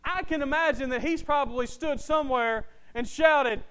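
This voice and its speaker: Man, high voice, fervent preacher; drops low then builds loud, hammers phrases twice. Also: moderate pace. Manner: impassioned, swings from quiet to loud; repeats phrases for emphasis. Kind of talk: sermon.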